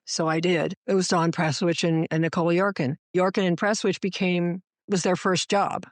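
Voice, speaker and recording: A female showrunner guests on an interview podcast, telling stories in a conversational way and acting out the dialogue she quotes. Her voice is lowish and her pace normal, with barely any pauses, and the recording sounds dry and animated in delivery.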